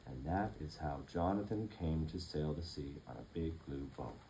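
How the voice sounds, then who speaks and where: A man reading a children's picture book aloud as a bedtime story, with an expressive, lilting delivery. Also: a bass voice, normal speed, slight background noise, rough recording.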